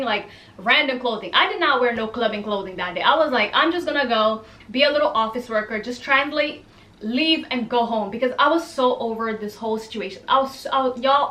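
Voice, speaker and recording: A young woman telling a casual storytime to camera, animated and exasperated, acting out the people she quotes. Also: a little high, roomy sound.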